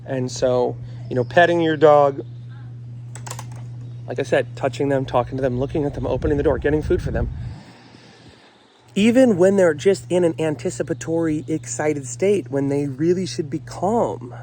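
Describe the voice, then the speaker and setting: A man's voice: a little high, moderate pace, a little mellow, slight background noise. A man working as a dog trainer, talking casually to camera outdoors in the morning, earnest and addressing viewers directly as folks while rattling off lists.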